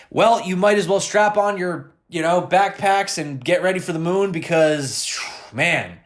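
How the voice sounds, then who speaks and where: Chatty male crypto news host. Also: high-pitched. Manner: chatty, addresses viewers directly. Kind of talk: casual news commentary.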